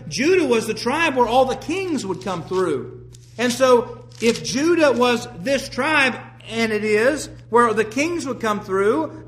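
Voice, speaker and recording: A man preaching a sermon, earnest, often repeating words as he finds his phrasing, and reading Scripture aloud slowly. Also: extremely high pitch, pushed and bright. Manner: reads Scripture aloud slowly in King James wording.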